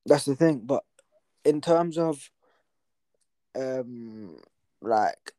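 A young man, co-hosting a casual podcast chat and telling animated stories full of slang. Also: medium pitch, very slow, no echo. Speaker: podcast co-host.

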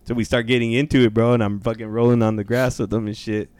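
Profane male podcast co-host, loose and laughing, mid-pitched, dry close sound. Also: flat delivery, fast talker, a little mellow, clean tone, no room sound. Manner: profane, laughing, says bro a lot. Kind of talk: casual chat.

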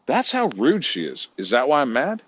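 A man's voice: medium pitch, wildly swooping pitch, moderate pace, fairly bright tone, husky, no room sound. A man in a rambling, profane comedic rant, meandering and muttering asides, on a muffled lo-fi recording.

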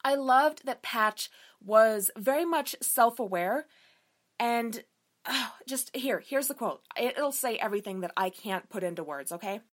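A young woman talks through a book she loved, in a casual vlog review. Her voice sits a little high and she leans hard on her points, cursing freely as she gushes. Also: animated, a little slow. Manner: emphatic, enthusiastic and frequently profane.

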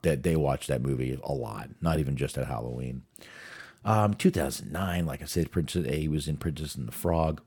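A man's voice: rumbling low, moderate pace, darkish tone, slightly rough. A man hosting a show, chatting casually and rambling, often stumbling over words and restarting. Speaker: podcast host. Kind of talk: casual career rundown.

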